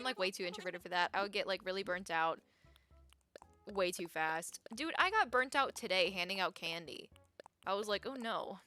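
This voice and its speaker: A young woman chatting casually with her viewers as a live streamer, chatty and quick to get excited, laughing often. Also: medium pitch.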